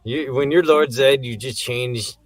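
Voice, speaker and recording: A man's voice: medium pitch, measured pace, no room sound, soft background music. A man co-hosting a casual movie review podcast, joking and laughing through loose banter. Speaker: podcast co-host.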